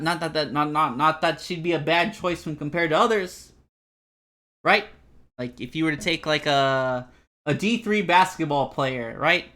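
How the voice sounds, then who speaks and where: Brief: young male streamer with a bright, sharp voice, animated and rambling while reading game text. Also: on the high side. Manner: rambling, animated, self-deprecating. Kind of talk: live game playthrough commentary.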